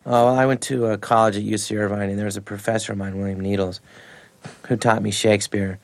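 A man's voice: on the low side, flat delivery, fast. A man, an actor and comedian, telling rambling anecdotes in a radio interview. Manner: rambling anecdotes, frequent laughs.

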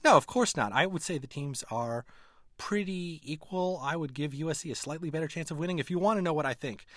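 A man's voice: on the high side, brisk, fairly bright tone, no room sound, studio quality. A man who writes about politics and sports, talking analytically as a radio interview guest and often restarting his sentences. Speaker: magazine editor and writer, guest.

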